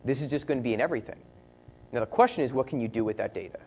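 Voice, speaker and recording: A man's voice: medium pitch, very fast, vocal fry, husky, highs cut off. A man who is a researcher giving a conference-style presentation, speaking conversationally and often checking in with the audience through rhetorical questions.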